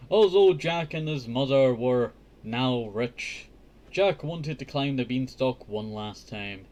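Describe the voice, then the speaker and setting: A man's voice: mid-range voice, animated, slow pace, a little mellow. A man hosting a casual storybook reading, breaking off into chatty, joking asides. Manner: chatty, joking asides, says "I tell you" often. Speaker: host reading a children's book.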